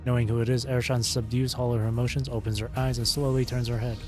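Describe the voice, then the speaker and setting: A man streaming, reading a game's story aloud in a steady narration with small slips and restarts. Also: mid-range voice, fast talker, over music.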